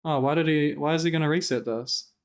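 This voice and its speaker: A man streaming and commenting casually, talking in an animated, profane, exasperated rant while reacting to gameplay. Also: fairly high pitch, a little fast.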